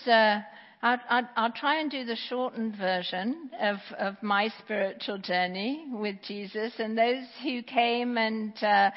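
A woman in her sixties giving a sermon with personal testimony, conversational and halting with restarts, in a church. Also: a little high. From England. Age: 60s. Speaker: preacher. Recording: dull recording with long church reverb.

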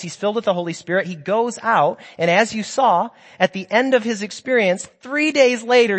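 High-pitched guy preaching, earnest storytelling sermon, long church reverb on the mic. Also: fairly bright tone. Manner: earnest and encouraging, addresses listeners as friends. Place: church sanctuary.

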